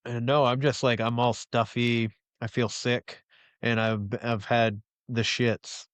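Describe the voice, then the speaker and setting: A man on a podcast, telling a crude story in an animated way with lots of swearing. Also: mid-range voice, takes it slowly, dry recording. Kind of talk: casual chat.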